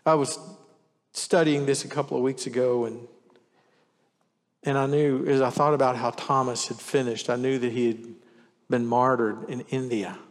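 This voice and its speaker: A man's voice: medium pitch, level tone, moderate pace, long pauses, big-room sound. A man preaching a sermon in an earnest manner, reading scripture aloud with shifting emphasis. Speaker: pastor.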